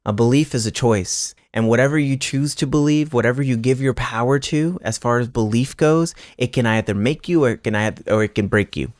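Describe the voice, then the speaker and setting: A man's voice: mid-range voice, brisk, few pauses, darkish tone, dry recording, studio quality. A man hosting an astrology channel, giving a casual spiritual pep talk to viewers, emphatic and repetitive, with restarts and casual swearing.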